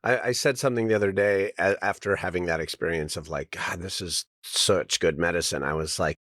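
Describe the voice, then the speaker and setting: A middle-aged man co-hosting a podcast, speaking in a relaxed, reflective way and chuckling often. His voice is fairly low. The sound is dry and close. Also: a little fast, no echo. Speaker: podcast co-host. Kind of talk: casual chat.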